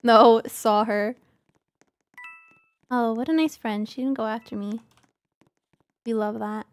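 A young woman hosting a casual game stream, soft-spoken and thanking donors. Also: fairly high pitch, fairly even intonation, takes it slowly, dry recording. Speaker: streamer host. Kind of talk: casual gaming chat.

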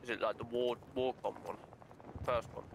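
A man's voice: mid-range voice, level tone, gravelly, poor audio. A man with a Scottish accent tinged with Birmingham, chatting and calling out targets in sweary, jokey banter while streaming a shooter game. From Aberdeen, Scotland. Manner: sweary, jokey banter with quick call-outs. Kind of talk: casual gaming chat with a teammate. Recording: game gunfire and noise behind.

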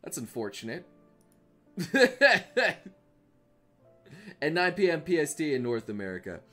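A young man chatting casually on a live stream, reading memes aloud, excitable and profane. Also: a little high, unhurried, faint music behind. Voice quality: excitable, profane, laughs often.

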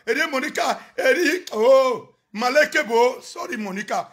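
A Nigerian man on a phone live video, ranting and chanting loudly, often shouting and switching between Pidgin and local languages. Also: extremely high pitch, expressive, moderate pace, hardly any pauses. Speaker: social media personality on a live video. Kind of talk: animated live-stream rant and chanting.

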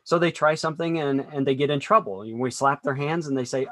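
A man who is a business consultant, a guest in a podcast interview, explaining his points in a steady, instructive way. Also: medium pitch, fairly quick, no echo. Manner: steady, explanatory, draws on teaching music. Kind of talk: conversational interview.

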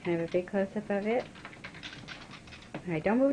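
A woman, a mother filming a home video, asking her child brisk questions and directing the shot. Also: medium pitch, animated, muffled recording, a little hiss or hum. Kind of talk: casual home video interview.

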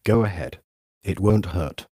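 A man's voice: deep voice, a little slow, mellow, breathy edge, no room sound, studio quality. A man reading an audiobook voices a proud, frail noblewoman who defiantly refuses anesthesia. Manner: defiant, stubborn.

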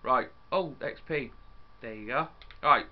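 A young man chatting casually as he plays a building game, excitable and talking to his viewers and his in-game dog. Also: mid-range voice, measured pace, lo-fi sound. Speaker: gaming YouTuber.

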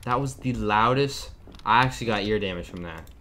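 A man's voice: on the low side, a little fast, bright, forceful tone, slight background noise. Jumpy young man, game commentary over clicking keys. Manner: nervous, jumpy, talks to viewers while playing. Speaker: gaming streamer. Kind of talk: horror game let's play commentary. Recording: keyboard and mouse clicks behind the voice.

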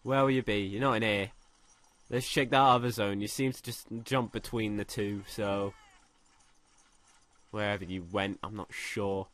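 Excitable young man gaming. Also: fairly low pitch, a little slow, pauses often. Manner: excitable, swears a lot, shouts when thrilled. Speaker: gaming commentator. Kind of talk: let's play commentary.

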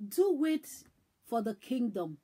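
A woman evangelist preaching a sermon, emphatic and repetitive, swinging between loud and hushed. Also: fairly high pitch, big pitch swings, takes it slowly, husky.

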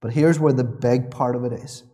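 A man's voice: mid-range voice, steady tone, normal speed, dark tone. A man preaching a sermon in a church, earnest and repeating his key phrases, with small restarts.

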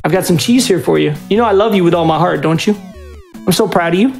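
A man's voice: sits high, fast talker, gravelly, faint music behind. A man at a live speedrun marathon, giving doting, coaxing commands to his dog while explaining the game.

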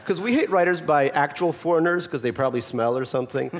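A man's voice: on the high side, fast, a little hiss or hum. A man in his forties, from Russia, answering audience questions at a festival talk with wry, self-mocking humor. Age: 40s. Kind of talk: live festival Q&A, joking.

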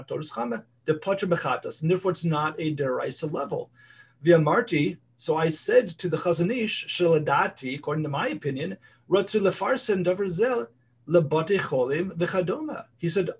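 Husky man explaining a text. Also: on the high side. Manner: reads Hebrew text then explains it in English, with fillers. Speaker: Torah class teacher. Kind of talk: casual study-group lesson.

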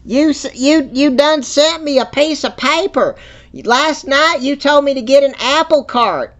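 A man's voice: very high-pitched, measured pace, a bit bright. A man putting on Betty, a flustered old woman. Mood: confused, exasperated. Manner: rambling, exasperated, repeats herself. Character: older woman, flustered and easily confused. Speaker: scam baiter. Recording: muffled phone-call audio.

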